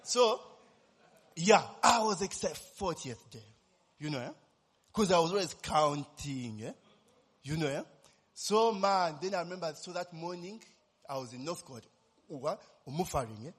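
Animated preacher with husky voice. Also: male voice, fairly high pitch, moderate pace, long pauses, big-room sound. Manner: animated storytelling with constant tag questions. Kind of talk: sermon with personal testimony.

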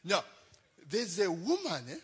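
Young adult male pastor, lively pitch, higher voice, chatty storyteller. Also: unhurried, slightly rough. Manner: chatty, laughing, tags lines with "eh?". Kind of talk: storytelling sermon.

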